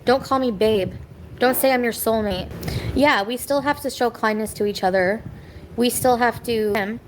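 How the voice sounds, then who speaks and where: Woman, higher register, venting at home on a live stream; rambling, bitter, quick to snap at viewers; slight background noise. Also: rough recording. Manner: rambling, bitter, talks back to chat. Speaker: livestreamer. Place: home kitchen.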